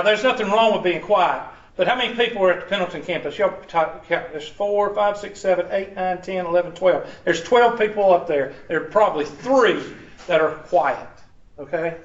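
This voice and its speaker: A high-voiced man speaks to his college math class on the first day, joking and folksy, calling on students by name. The sound is distant and muffled, with the echo of the classroom around him. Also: a bit bright.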